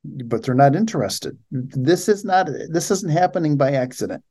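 A man's voice: a little high, animated, normal speed, warm tone. A man hosting a show, reading out a news article and mocking it with sarcastic commentary. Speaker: show host.

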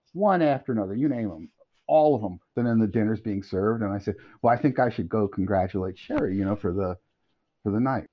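A middle-aged man telling a long anecdote as a podcast guest, animated and quick to laugh. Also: medium pitch. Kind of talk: storytelling anecdote. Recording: dull lo-fi audio.

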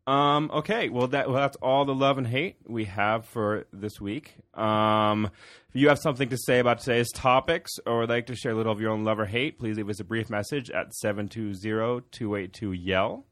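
A man hosting a casual local podcast, chatty, with quick asides and many fillers, speaking. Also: lowish voice, steady tone, a bit bright, no room sound. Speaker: podcast host. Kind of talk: casual chat.

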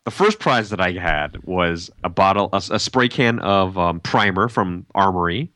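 A man's voice: sits low, lively intonation, moderate pace, pushed and bright, dry recording, clean studio sound. A man hosting a casual hobby podcast, chatty and easygoing, laughing easily as he talks. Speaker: podcast host and tournament organizer. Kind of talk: casual chat.

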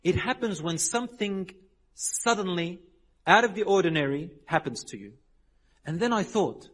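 A man preaching a sermon, telling stories with lively voiced dialogue and dropping Arabic religious phrases. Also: sits high, moderate pace. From Lebanon. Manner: animated storytelling, acting out quoted people. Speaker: Islamic preacher.

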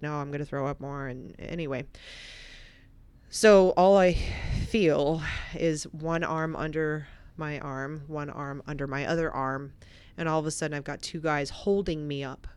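A woman telling an emotional personal story as a podcast guest, swinging from animated bursts to hushed, reflective passages. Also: sits low, normal speed, clean tone.

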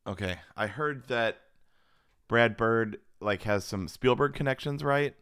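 A man's voice: medium pitch, a little slow, fairly bright tone, smooth, dry recording, clean studio sound. A man co-hosting a podcast in easygoing casual chat, laughing easily. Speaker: podcast co-host.

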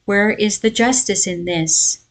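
A woman's voice: medium pitch, a little slow, lightly acted, low-quality recording. A woman voicing a clever, humble male thief from a folk tale, earnest and pleading. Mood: accusing. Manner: earnest, pleading, then accusing.

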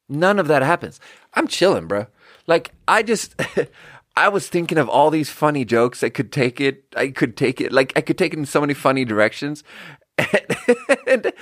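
A man casually telling a long anecdote as a podcast host, rambling and swearing freely. He talks at a medium pitch and laughs at his own story along the way. The recording is dry and close, with no room sound. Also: a bit bright, dry recording. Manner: rambling, profane, self-amused.

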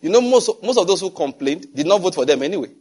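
A man with a Nigerian accent preaching a conversational, digressive sermon, swinging from hushed asides to loud emphasis. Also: high-pitched, lively intonation, fast, breathy edge. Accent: Nigerian English. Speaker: pastor.

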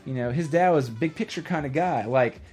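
A man in casual podcast chat, talking at an ordinary mid pitch and full of energy as he retells scenes. He keeps jumping into quick character voices. Faint music sits underneath him. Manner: animated storyteller who acts out movie scenes in quick voices. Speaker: podcast co-host.

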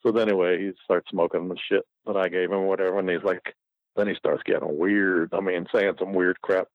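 Low gravelly man, loose and profane, spinning a yarn; dry muffled recording. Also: little pitch movement, a little fast, no echo. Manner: rambling, profane, laughing often. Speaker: guest storyteller. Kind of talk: casual storytelling.

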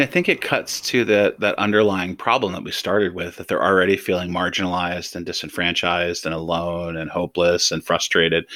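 A man speaking as an expert guest in an interview, thoughtful and measured, with frequent ums and restarts. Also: deep voice, bright, forceful tone, no echo. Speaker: threat assessment expert guest. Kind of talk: interview answers, explaining.

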